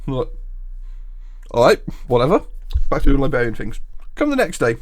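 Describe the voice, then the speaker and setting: A man's voice: medium pitch, sing-song, brisk, dry recording, studio quality. A man co-hosting a podcast, telling long jokes in a rambling way and giggling at them. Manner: rambling storyteller, giggles at his own jokes. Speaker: podcast co-host. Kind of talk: casual chat, telling jokes.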